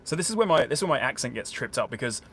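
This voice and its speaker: Speaking at a racing pace with big pitch swings, this man has a mid-range, slightly bright voice and a South Yorkshire accent from a small town outside Sheffield, England. Indoors in a curtained room at home, he rambles casually to his live stream viewers, thinking aloud while explaining the rules of a solo board game he's playing. A boiler can faintly be heard.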